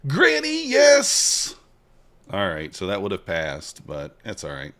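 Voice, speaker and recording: A man's voice: rumbling low, normal speed, fairly bright tone. A man streaming live futures trades, chatting casually with his viewers, joking and hyping his trades. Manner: chatty, joking with chat, banters and hypes trades.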